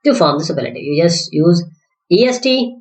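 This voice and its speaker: A woman's voice: fairly low pitch, animated, fairly quick, a little mellow. A woman teaching English grammar, drilling word lists in a sing-song rise and fall and correcting herself as she goes. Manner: self-correcting, thinks aloud. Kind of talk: explanatory grammar lesson. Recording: echoey room.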